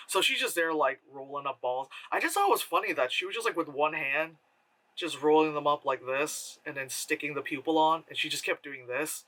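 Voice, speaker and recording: A man giving a casual spoken movie review, rambling and animated, with many fillers and laughs. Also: fairly high pitch, a little fast, low-quality recording.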